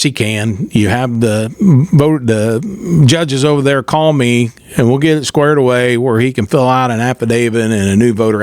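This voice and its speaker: A man's voice: mid-range voice, no room sound. A middle-aged man, hosting a podcast and telling a rambling, folksy story, raising his voice when he retells what people said. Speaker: podcast host. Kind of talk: casual storytelling monologue.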